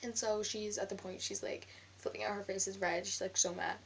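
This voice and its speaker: Chatty young woman with vocal fry. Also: medium pitch, fairly quick, a little hiss or hum. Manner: rambling, heavy use of filler "like"; animated retelling of an argument. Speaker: vlogger. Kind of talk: casual storytelling.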